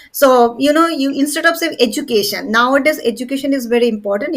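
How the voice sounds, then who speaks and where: A woman teaches English over a video call, her voice high. She drills each word over and over, stressing syllables with firm emphasis. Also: quick pace, few pauses, rough recording. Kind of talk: online English lesson. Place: seated indoors at home desk. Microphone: online video call.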